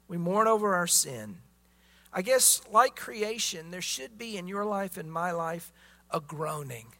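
A man's voice: on the high side, gravelly, fairly bright tone. A man preaching a sermon as pastor, emphatic, often repeating words as he presses his points.

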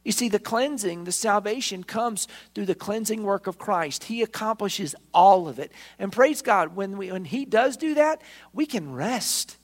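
A man's voice: high voice, expressive, measured pace. A man preaching a sermon as pastor, emphatic, acting out the quoted voices.

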